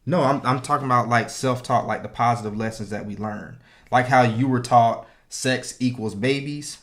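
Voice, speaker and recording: A man's voice: mid-range voice, moderate pace, a bit bright. A man co-hosting a podcast in casual chat, rambling and joking with lots of "you know" fillers. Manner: joking, laid-back. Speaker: podcast co-host.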